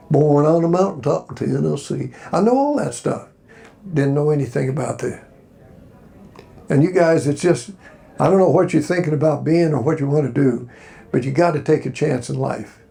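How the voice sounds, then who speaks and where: A gravelly, slightly high voice with a dark tone belongs to an older man from Alabama. As a guest on a hotel convention panel, he rambles through homespun stories in a Q&A and encourages the audience.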